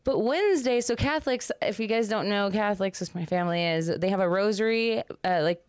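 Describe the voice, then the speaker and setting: A young woman hosting a casual podcast, spinning an animated story and laughing often as she goes. Her voice is smooth and clear, recorded close and dry with no room sound. Her pitch sits in an ordinary middle range. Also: brisk, no echo. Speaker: podcast host.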